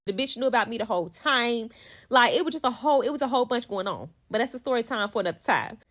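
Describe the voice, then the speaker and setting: High-voiced woman telling a wild story. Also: quick pace. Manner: animated, profane, dramatic retelling. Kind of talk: casual storytime.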